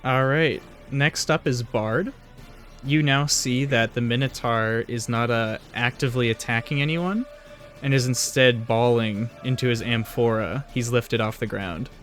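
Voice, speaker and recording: A man's voice: medium pitch, unhurried, a bit bright, faint music behind. A man narrating as dungeon master in an easygoing, somewhat hesitant way. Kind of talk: narrating a tabletop game.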